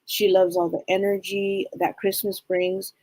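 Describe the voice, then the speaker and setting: Husky-voiced woman giving a psychic reading. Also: mid-range voice, flat delivery, unhurried, no room sound, rough recording. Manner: gentle, searching for words, relays spirit messages. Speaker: psychic medium, co-host.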